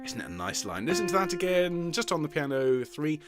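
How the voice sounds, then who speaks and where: A woman's voice: low-pitched, very animated, a little fast. Patient woman choir director over piano. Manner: counts in and sings short demonstration phrases; patient, encouraging coaching. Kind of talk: online choir rehearsal, teaching the alto part. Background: piano accompaniment.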